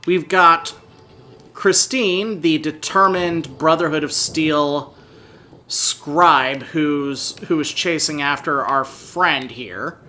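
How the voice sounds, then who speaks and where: A man's voice: a little high, slow, sharp tone, faint music behind. A man hosting a let's play, doing playful mock-interview commentary with easy laughs and hesitant fillers.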